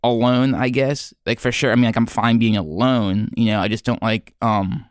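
A man hosting a podcast in a rambling comedic monologue, halting and earnest, full of fillers and restarts, sounding self-doubting. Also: mid-range voice, steady tone, smooth, no room sound, studio quality. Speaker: podcast host.

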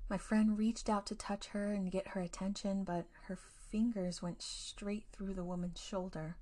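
A woman narrating a spooky tale for her story podcast. Her delivery stays hushed and drops close to a whisper, as scripted ghost-story narration, at an ordinary middle pitch for a woman. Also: flat delivery, measured pace.

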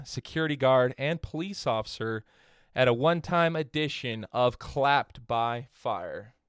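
Congested, smooth-voiced male podcast host. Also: a little high, a bit bright, no echo, clean studio sound. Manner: loose and chatty, with frequent fillers and restarts. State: congested from a head cold. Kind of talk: casual podcast chat.

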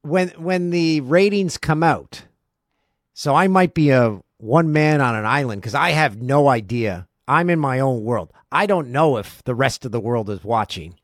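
A man's voice: medium pitch, lively intonation, measured pace, no echo, studio quality. A man hosting a sports podcast, talking with effusive enthusiasm. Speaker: podcast host. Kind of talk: casual sports chat.

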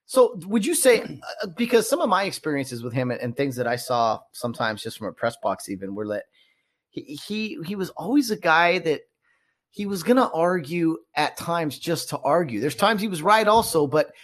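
Male podcast host, slightly higher pitch, hesitant casual questioner. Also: very animated, normal speed. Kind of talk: casual interview chat.

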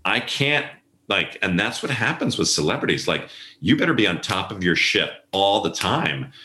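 A man's voice: on the low side, big pitch swings, moderate pace, sharp tone. A middle-aged man, an event planner, telling stories in a casual interview and acting out the voices of people he quotes. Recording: echoey room.

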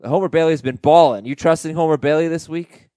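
A man hosting a fantasy baseball podcast, chatting casually and reading listener emails aloud with animated delivery. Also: on the high side, fairly quick, no room sound. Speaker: podcast host.

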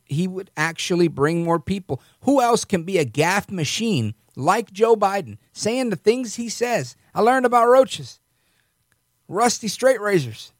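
A man's voice: high voice, no echo, studio quality. A man hosting a political commentary monologue, sarcastic and mocking in a conversational way. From New York. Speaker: host.

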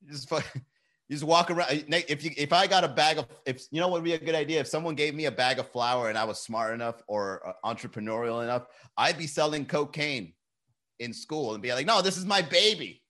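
A man's voice: medium pitch, brisk, fairly bright tone. A young man chatting casually on a live stream, telling loose, profane stories and laughing often.

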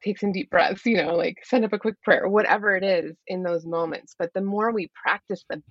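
A woman's voice: medium pitch, fairly even intonation, fairly quick, no echo, muffled recording. A woman life coach talking earnestly as a podcast guest, explaining her methods and acting out what she says to her kids. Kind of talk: podcast interview.

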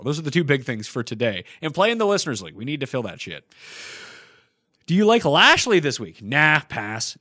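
A man's voice: on the high side, fairly bright tone. A man hosting a podcast in casual chat, answering listener questions one after another in a blunt, profane way. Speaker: podcast host.

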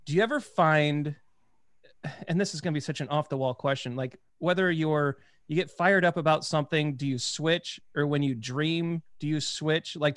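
A man's voice: on the high side, no room sound. Enthusiastic man host, dry close sound. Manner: rambling, many restarts, enthusiastic. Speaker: podcast host. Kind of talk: casual interview.

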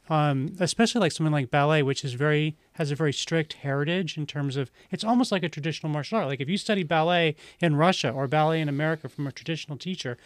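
A man's voice: fairly high pitch, no room sound. A man co-hosting a podcast, talking casually and rambling with lots of fillers. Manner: rambling, heavy use of "like" fillers. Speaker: podcast co-host.

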